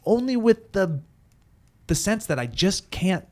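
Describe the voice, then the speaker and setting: A man co-hosting a podcast in casual chat, talking in a measured, drawn-out way. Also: sits high, sing-song. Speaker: podcast co-host.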